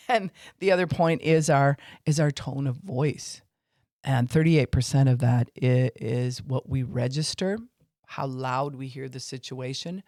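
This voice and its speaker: A man's voice: mid-range voice, moderate pace, a little mellow, no room sound, clean studio sound. A man teaching on faith and emotions in an informal podcast talk, with fillers, acting out what people say.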